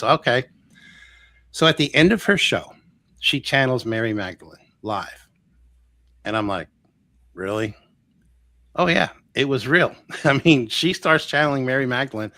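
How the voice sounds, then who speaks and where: A man telling a long personal story in an interview, lively and full of restarts, acting out the voices of the people he quotes. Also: on the low side. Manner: animated, acts out quoted voices, many ums and restarts. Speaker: guest healer.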